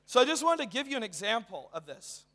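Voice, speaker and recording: A young man preaching a sermon in a church, talking casually and excitedly with lots of fillers. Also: very high-pitched, fast. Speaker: guest preacher. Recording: reverberant hall.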